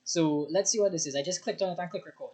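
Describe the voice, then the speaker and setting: A man's voice: fairly high pitch, fast talker, very noisy. Tired rambling young man reacting. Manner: rambling, restarts often, over-caffeinated. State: tired, short on rest. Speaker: reaction video host. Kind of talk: casual reaction commentary.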